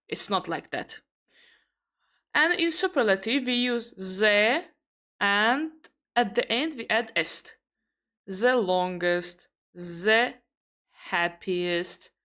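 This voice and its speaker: A woman from Azerbaijan in her twenties teaching an online English grammar lesson, explaining slowly with pauses and self-corrections. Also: mid-range voice, a bit bright.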